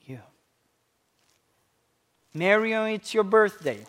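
A pastor preaching a sermon, a man with a high voice. He speaks slowly and with emphasis, puts questions to the congregation and answers them, and drops to a soft hush on key words. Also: lively intonation. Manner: call-and-response questions to the congregation, slow and emphatic.

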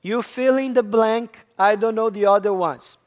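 A preacher with a mid-range voice delivers a sermon at normal speed. He speaks emphatically, stressing and repeating key words and putting questions to the listeners, whom he addresses as church.

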